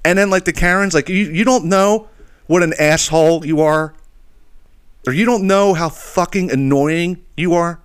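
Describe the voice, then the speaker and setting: A man's voice: a little high, moderate pace, clean tone. Profane, exasperated male podcast host. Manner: profane, exasperated, punctuated with "okay?". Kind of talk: ranting solo storytelling.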